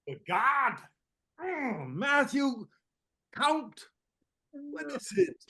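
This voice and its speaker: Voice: high-pitched, big pitch swings, extremely slow, sharp tone, exaggerated voice. An actor reading the part of an exasperated but good-natured older host who stumbles over his words when he tries to console a friend, in an amateur play reading. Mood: consoling. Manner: hesitant, stumbling, awkwardly consoling.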